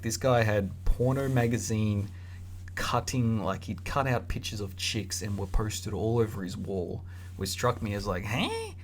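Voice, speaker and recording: A young man telling a casual story in an animated, slangy way. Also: on the low side, slight background noise. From Australia. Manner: animated, slangy, acts out voices.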